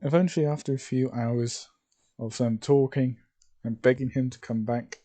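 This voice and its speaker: A man's voice: medium pitch, steady tone, moderate pace, mellow. A man reading a fan story aloud in a casual, rambling way, with asides to the listener.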